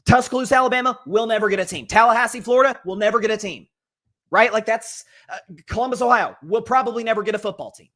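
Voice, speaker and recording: A man's voice: high-pitched, quick pace, fairly bright tone. A man hosting a college football reaction show, talking in a rambling, conversational way with many restarts and asides. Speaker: sports show host.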